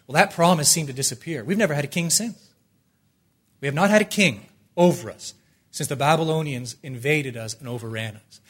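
A man preaching a sermon, swinging from loud, ringing declarations down to hushed, pleading near-whispers. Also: on the high side, a little fast.

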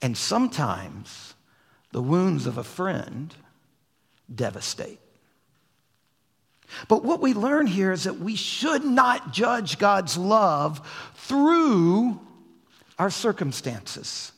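A male pastor preaching a sermon, dropping to soft low asides and then rising to raised, emphatic lines. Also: very animated, drawn-out words, vocal fry, long pauses, husky. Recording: long hall reverb.

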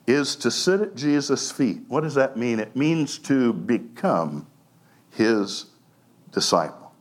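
A man preaching a sermon as pastor, animated, laughing often and acting out quoted lines. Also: mid-range voice, slow pace.

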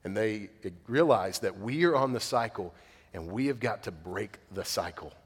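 A man's voice: on the low side, expressive, moderate pace, husky. A man in his thirties preaching a sermon earnestly, acting out the voices he quotes. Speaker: pastor. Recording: long hall reverb.

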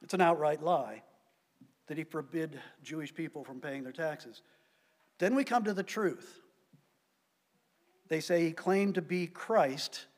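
Pastor, male, high-pitched, preaching with emphatic stresses; reverberant church hall. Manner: emphatic preaching, swinging between loud stresses and quiet drops. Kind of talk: sermon.

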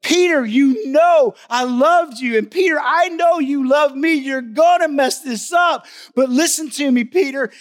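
A man's voice: extremely high pitch, unhurried, pitched above the performer's own voice. A male preacher acting out Jesus in a sermon, speaking tenderly and urgently with emphatic repetition. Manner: pleading, emphatic, repeats the name. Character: Jesus, tender forgiving adult man.

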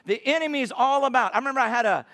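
A man with a notably high voice preaches with emphasis, stretching out his scripture quotes. He sounds middle-aged and speaks as a guest preacher. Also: very fast, sharp tone. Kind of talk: sermon.

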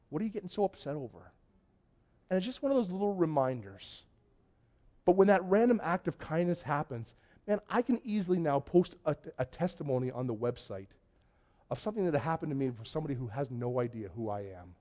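Male pastor, slightly high voice, excitable storyteller in church. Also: fairly quick. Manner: chatty storytelling, excitable, many restarts. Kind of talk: conversational sermon. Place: church before a congregation.

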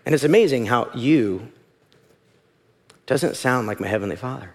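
A man's voice: mid-range voice, animated, fast. A man preaching a sermon as pastor, conversational and emphatic, voicing quotes to make his points. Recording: reverberant hall.

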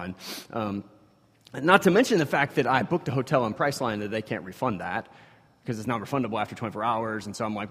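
Man, thirties, personal storytelling, husky voice, long hall reverb. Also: mid-range voice, brisk. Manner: animated, acts out the dialogue. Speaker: speaker telling a personal story.

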